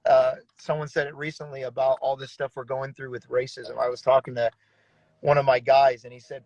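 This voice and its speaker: Gravelly earnest male pastor. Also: mid-range voice, level tone, brisk, darkish tone, dry recording, highs cut off. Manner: earnest, emotional storytelling with many restarts. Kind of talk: conversational testimony in an interview.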